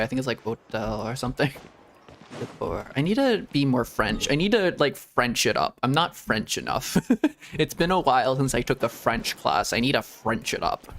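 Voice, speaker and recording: A man's voice: mid-range voice, fairly bright tone, a little hiss or hum. A man streaming a game as a VTuber, chatting casually and playfully with frequent laughs and joking asides. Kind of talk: casual gaming commentary. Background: game music.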